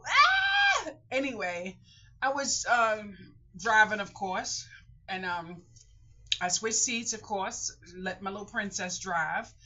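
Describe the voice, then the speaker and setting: Older woman vlogger, bright, forceful and emotional, talks in repeating rambles. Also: medium pitch, breathy edge. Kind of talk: casual talking-to-camera vlog. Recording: muffled lo-fi home recording.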